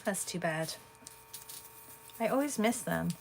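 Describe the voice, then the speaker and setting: A woman with a gravelly, fry-tinged voice chats her way through a painting livestream. She thinks out loud and answers viewers between strokes. A faint hiss sits under her voice. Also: on the low side, expressive, slow. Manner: chatty, thinks aloud and answers viewers' comments. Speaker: art livestream host. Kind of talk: casual livestream chat while painting.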